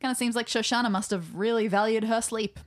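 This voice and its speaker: A woman's voice: on the high side, steady tone, quick pace. A woman running a tabletop role-playing game as game master, describing scenes in an amused way and laughing often.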